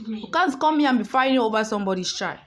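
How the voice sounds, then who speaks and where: A woman's voice: on the high side, animated, fast talker. Outspoken woman vlogger, emphatic. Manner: emphatic and outspoken, swears freely. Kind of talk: casual storytelling monologue. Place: hotel room.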